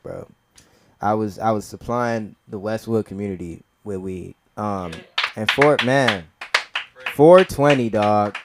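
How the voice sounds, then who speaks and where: There's a little hiss or hum behind this stand-up comic, a young man of Nigerian heritage at a comedy club open mic. He rambles in heavy slang, leaning on "bro" and "you feel me," and his voice rises loud and high as he acts out his stories.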